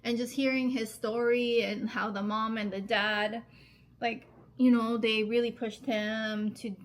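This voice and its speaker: A woman in her thirties vlogs casually to the camera, gushing and emotional, filling her talk with filler words and frequent laughter. Her voice is a little high and level in tone, a little slow, with a slight hiss or hum in the audio.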